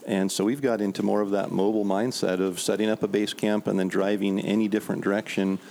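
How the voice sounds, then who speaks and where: A man's voice: lowish voice, little pitch movement, quick pace, vocal fry, dark tone, a little hiss or hum. A man guest on a podcast, telling stories in a laid-back way and laughing often. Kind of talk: casual storytelling.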